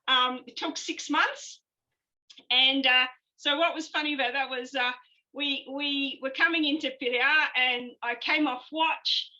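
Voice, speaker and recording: A woman, a guest telling lively stories in a conversation and laughing often. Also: sits high, a little slow, dull audio. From Australia. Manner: animated storyteller who laughs often. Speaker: guest, former naval officer. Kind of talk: storytelling in a conversation.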